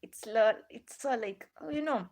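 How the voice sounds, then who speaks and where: A woman's voice: fairly high pitch, normal speed, darkish tone. A woman with a Ghanaian English accent hosting a live stream, chatting to viewers in a rambling way, repeating herself and asking them many questions.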